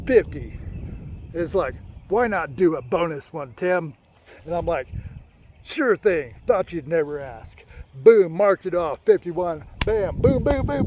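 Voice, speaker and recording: A man telling an emotional personal story in a casual, profane way, full of excited sound words like boom and bam. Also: background noise.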